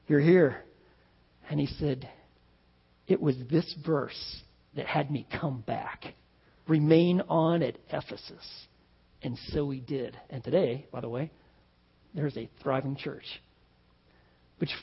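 A male pastor delivers a sermon in a relaxed but emphatic way, often turning aside to talk straight to his listeners. His voice sits high and a little husky. The sound is dull and lo-fi, with a long reverb trailing off the walls of a large hall. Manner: conversational, emphatic preaching with asides.

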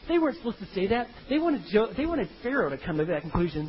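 A man delivers a sermon with a bright, high voice that swings widely as he jokes through the story. The recording is dull and lo-fi, with a faint hiss underneath. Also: quick pace, few pauses. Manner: animated, comic, acts out biblical characters in funny voices. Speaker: pastor.

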